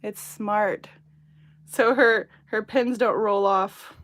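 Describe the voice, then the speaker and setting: Female live-stream craft host, chatty and playful, medium pitch, recording at her home desk. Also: steady tone, slow pace, fairly bright tone. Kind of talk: casual chat while crafting live.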